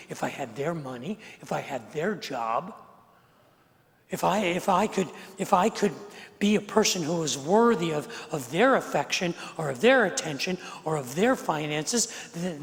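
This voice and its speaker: High-voiced gravelly male pastor preaching. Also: animated, normal speed. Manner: conversational preaching, repeats words, swings from quiet to emphatic. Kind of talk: sermon. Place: large church sanctuary. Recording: long hall reverb from the sanctuary.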